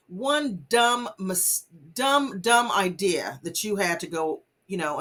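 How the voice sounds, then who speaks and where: Woman vlogger, mid-pitched, earnest casual commentary with lots of fillers. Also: a bit bright. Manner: earnest, many fillers, urges listeners not to judge. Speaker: vlogger host. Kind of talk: casual commentary on a news case.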